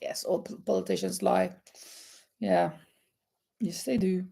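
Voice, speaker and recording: A woman's voice: lowish voice, fairly even intonation, measured pace, vocal fry, dark tone, breathy edge. A woman hosting a live crochet chat, reading out quiz questions and answering viewers, laughing often. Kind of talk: casual live-stream chat.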